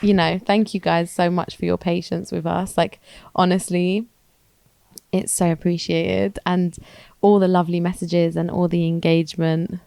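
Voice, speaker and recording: Woman co-host, low with a gravelly edge; loose rambling chat. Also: little pitch movement, moderate pace, a little mellow, no room sound. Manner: rambling, thinking aloud with restarts. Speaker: podcast co-host. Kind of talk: casual chat.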